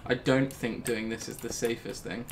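This gaming YouTuber talks himself through a video game with casual, playful remarks, breaking into high-pitched squeals at sudden scares. His pitch barely moves, his pace is moderate, and the background is noisy.

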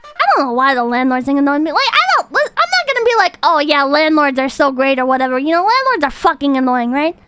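A woman streamer ranting and reading chat in a profane, animated, casual way. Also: sits high, fast, slight background noise.

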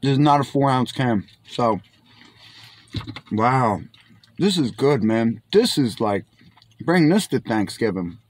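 In a medium-pitched, animated voice, a young food vlogger speaks slowly with frequent pauses over a slight hiss or hum. He exclaims eagerly while tasting and repeatedly addresses "my friends."

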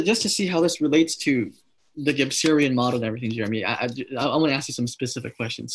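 A man's voice: mid-range voice, slight background noise. A man moderating a casual group discussion, inquisitive and posing long, detailed questions.

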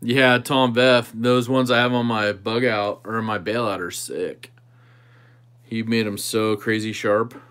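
A man's voice: lowish voice, fairly even intonation, measured pace, fairly bright tone, clean tone. Easygoing man chatting with livestream viewers. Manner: easygoing, thinking aloud while tinkering with a knife. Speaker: host of a knife channel livestream. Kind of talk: casual livestream chat answering viewers.

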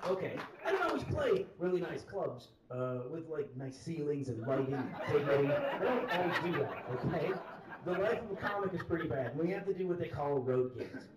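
A man performing stand-up comedy, telling a long story on stage and acting out loud hecklers in sudden high voices. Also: background noise. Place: comedy club stage before a live audience. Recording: roomy club sound from a distant mic, loud crowd laughter.

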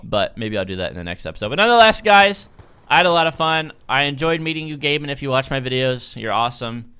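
A young man narrates his gameplay for his channel in a bright, clear voice. His pitch jumps all over as he jokes, laughs and yelps at the action. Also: fast. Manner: excitable, jokey, laughs often. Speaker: gaming youtuber. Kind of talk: casual gameplay commentary. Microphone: desk microphone.

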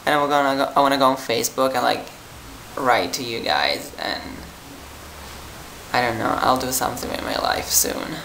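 A young adult from Italy rambles through a casual vlog, worn out and filling every pause with "like" and "um". The voice is bright with a gravelly fry underneath. It is recorded in an echoey room with a faint hum behind it. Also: medium pitch, lively intonation. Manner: rambling, chatty, lots of "like" and "um". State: tired. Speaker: vlogger. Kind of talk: casual vlog chat to viewers.

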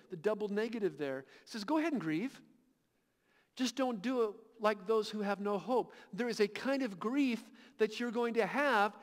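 High-voiced impassioned man preaching in a hall. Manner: impassioned, builds to loud emphatic peaks, restarts words. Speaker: pastor. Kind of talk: sermon. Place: large church hall. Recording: long reverb of a church hall.

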